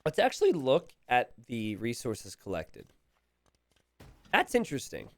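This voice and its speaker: A man commentating a recorded strategy game match, animated and chuckling, calling out to the players. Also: mid-range voice, unhurried, no echo.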